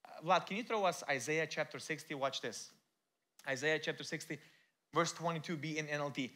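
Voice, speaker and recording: A male pastor preaching in a church, his voice bright and forceful and sitting a little high for a man. He talks straight to the congregation in a conversational way. He swings from hushed, close passages to loud, emphatic bursts. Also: brisk. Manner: dramatic swings from quiet, intimate speech to loud, shouted emphasis. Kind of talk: sermon.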